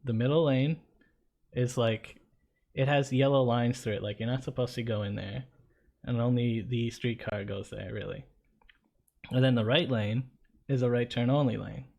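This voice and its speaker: Male co-host, chatty anecdote-teller, average pitch, casual tone. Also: normal speed, gravelly, pauses often. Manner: animated anecdote-teller, conversational. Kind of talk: casual storytelling chat.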